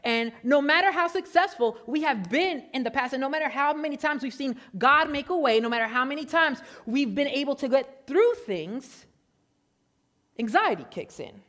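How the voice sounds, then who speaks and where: A man from Puerto Rico preaching a sermon, excitable and prone to getting loud, telling stories with self-deprecating humor. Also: very high voice, normal speed. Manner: excitable, gets loud when animated. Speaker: pastor.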